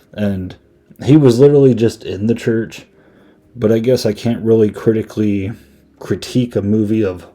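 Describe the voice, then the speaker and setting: Male podcast host, relaxed movie-review recap, dark warm tone, loose and chatty. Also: lowish voice. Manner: rambling, filler-heavy retelling with amused asides.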